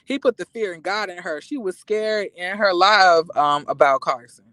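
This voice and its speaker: Guy ranting about reality tv on his channel, loud and animated, swears a lot, dead dry room. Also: sits high, normal speed, no echo. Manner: animated, profane, emphatic, breaks into apologetic asides. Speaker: commentary vlogger. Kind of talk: reality TV commentary rant.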